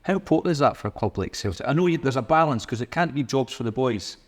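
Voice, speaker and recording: A man, hosting a casual interview and leading relaxed questions. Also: mid-range voice, fast talker. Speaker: podcast host.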